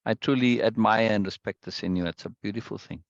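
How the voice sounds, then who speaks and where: A man's voice: fairly low pitch, fast, vocal fry, no room sound. Man, discussion leader unpacking a text, restless restarts, checks in with "right?", dry and muffled sound. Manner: repeats words, asks "right?" often. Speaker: teacher leading a book discussion. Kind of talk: explaining a text aloud.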